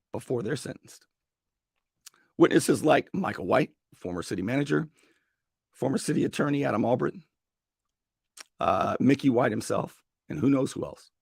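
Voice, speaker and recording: A male talk radio host with a strained, gravelly voice, giving an opinionated monologue and acting out mock dialogue. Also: dry recording, clean studio sound. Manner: animated, acts out mock dialogue with sudden high-pitched bursts. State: strained voice after a long day.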